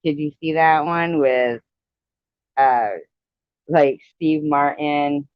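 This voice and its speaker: A woman's voice: sits low, steady tone, takes it slowly, smooth, no room sound. Rambling woman on a dull lo-fi live stream. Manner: rambling, chatty movie reminiscing. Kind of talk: casual chat.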